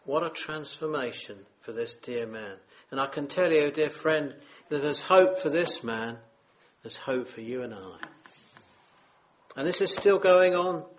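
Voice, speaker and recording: Male preacher, unhurried sermon, earnest pleading tone, mid-pitched. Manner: earnest, solemn, pleading with listeners.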